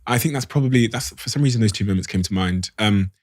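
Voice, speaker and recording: A man's voice: on the low side, fast talker, darkish tone, dry recording, studio quality. A male podcast host talking reflectively, searching for words as he shares personal memories and asks questions. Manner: thoughtful, searching for words with fillers. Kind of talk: reflective interview conversation.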